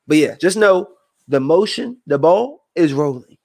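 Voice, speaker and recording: A man's voice: expressive, measured pace, vocal fry. Heated man venting to his viewers. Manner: heated, rambling, swings between low brooding and loud outbursts. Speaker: vlogger. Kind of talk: emotional venting monologue.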